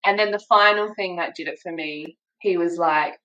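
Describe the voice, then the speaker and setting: Australian woman telling her story, lower-pitched. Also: moderate pace, lo-fi sound. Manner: lively retelling, acting out quoted people. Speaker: podcast guest. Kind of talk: casual interview storytelling.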